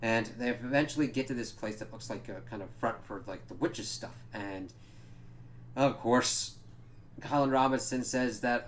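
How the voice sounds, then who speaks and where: A man's voice: fairly low pitch, steady tone, fairly quick, a little hiss or hum. A man giving a casual spoken recap of a show, rambling and swearing, with lots of fillers. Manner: rambling, profane, many fillers. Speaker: show reviewer.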